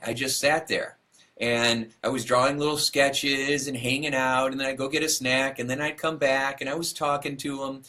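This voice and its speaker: Man, motivational speaker, storytelling, acts out quotes, mid-pitched, bright tone. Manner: animated storyteller acting out quotes, laughs at himself.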